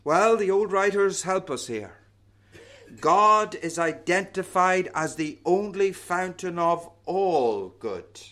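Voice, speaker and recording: A preacher delivers his sermon slowly and deliberately, his voice pitched a little higher than most men's. He hits each key word with strong emphasis, and his intonation is lively, with phrases often sinking to a low, soft finish.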